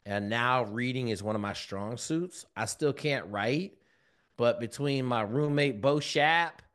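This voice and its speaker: A man, a guest on an interview show, telling a personal story in casual, slangy speech and acting out the voices of people in it. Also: measured pace. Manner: animated, acts out quoted dialogue with big pitch jumps; colloquial, relaxed slang. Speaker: guest, former Navy SEAL and mentor.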